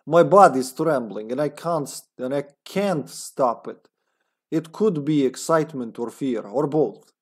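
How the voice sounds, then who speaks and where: In a husky, animated mid-range voice at a measured pace, the speaker lightly performs a grim terrorist agent writing his diary. He reads the game text solemnly, faking a Russian comrade accent.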